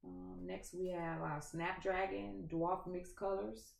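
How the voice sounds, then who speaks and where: A woman with a thick Louisiana accent chats to her viewers in a folksy way, calling them y'all. Her voice is gravelly and her throat sounds dry and scratchy. The recording has the echo of a reverberant room. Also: lowish voice, steady tone, slow, soft background music. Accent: Louisiana Southern. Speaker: gardening channel host. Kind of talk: casual chat to camera. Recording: echoey room.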